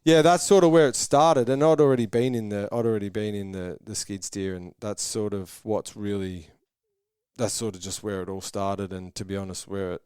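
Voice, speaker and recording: A low, smooth Australian man in his thirties rambles through his stories in a casual interview. He acts out what people said, and the recording is dry and close. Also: fairly even intonation, normal speed, darkish tone, no room sound. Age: 30s. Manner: rambling storytelling with voiced quotes. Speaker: guest, track builder.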